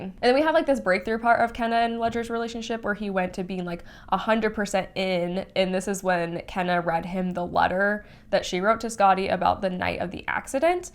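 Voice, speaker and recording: Young woman chatting thru a spoiler book review, says like a lot, gets emotional, medium pitch. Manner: chatty and emotional, heavy use of "like", sighs and laughs.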